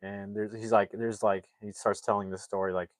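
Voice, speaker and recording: A man's voice: fairly low pitch, little pitch movement, moderate pace, no echo. A man casually retelling a movie's plot on a livestream, rambling with many fillers and acting out the characters' lines. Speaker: movie recap streamer.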